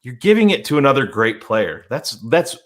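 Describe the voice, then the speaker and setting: A man's voice: mid-range voice, sing-song, normal speed, a little hiss or hum. A man co-hosting a casual sports talk stream, confident and blunt, with the odd curse. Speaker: co-host.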